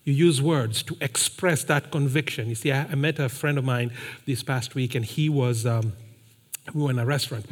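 High-voiced preacher in an echoing hall. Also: male voice. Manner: emphatic, repeats phrases for effect. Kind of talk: sermon with storytelling.

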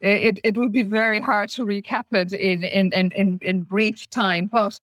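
A woman from Ireland with an Irish accent, a podcast guest and author telling her life story gently. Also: mid-range voice, fairly even intonation, normal speed, no echo, poor audio. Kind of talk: interview storytelling.

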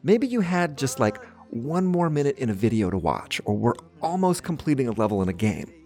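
A man's voice: medium pitch, very animated, brisk, darkish tone, soft background music. A man hosting a children's audio show, friendly and encouraging, speaking straight to the young listeners. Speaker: host.

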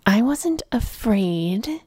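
A woman's voice: mid-range voice, takes it slowly, dark tone, no echo, clean studio sound. A woman reading aloud, voicing a proud, wary young fae woman who answers curtly and defensively.

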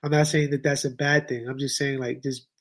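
A man's voice: medium pitch, little pitch movement, brisk. A man talking as a podcast guest in casual slang, repeating points for emphasis. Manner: informal slang, emphatic repetition. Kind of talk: casual chat.

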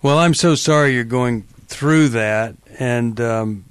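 A man's voice: medium pitch, slow, smooth, dry recording. A male radio talk show host giving earnest, emphatic and empathetic advice to callers in a studio.

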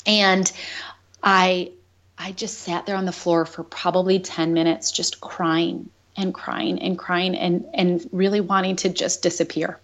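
A woman's voice: on the low side, level tone, a little slow. A woman guest on a podcast, candidly telling a painful personal story with earnest openness and the odd laugh. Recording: dull lo-fi sound.

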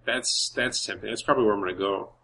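A man co-hosting a casual fantasy baseball podcast, quick and jokey, laughing easily. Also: lowish voice, gravelly, sharp tone, slight background noise. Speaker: podcast co-host.

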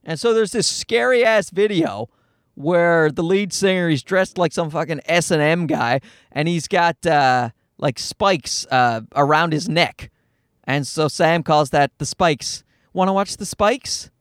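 The sound is clean, studio quality, and echo-free as a man, parked in a parking lot, rambles through profane stories about fatherhood for his own podcast. Unhurried and a little high-voiced, he's animated and quick to mock himself.

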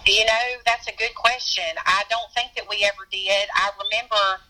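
A woman's voice: mid-range voice, fairly even intonation, moderate pace, pushed and bright, low-quality recording. A woman talking in an offhand, conversational way. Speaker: interviewee. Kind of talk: casual chat.

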